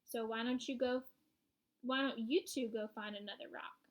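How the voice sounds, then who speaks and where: A shrill, pushy know-it-all schoolgirl, put on by a woman reading a storybook aloud. She whines and wheedles in a high, bright voice. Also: steady tone, moderate pace, natural voice. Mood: bossy. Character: bossy know-it-all schoolgirl of about nine.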